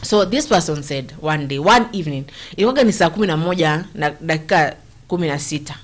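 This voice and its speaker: A woman's voice: deep voice, expressive, fast talker. Earnest Kenyan woman show host. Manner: earnest, rambling, mixes English with Swahili slang. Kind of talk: emotional political commentary.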